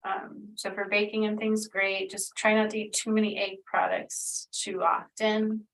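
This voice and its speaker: Woman healer, rambling and earnest, with fry in the voice and a distant mic. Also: medium pitch, level tone, measured pace, a bit bright. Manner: meandering, filler-heavy, earnest. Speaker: spiritual healer channeling energy. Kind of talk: casual spoken energy reading.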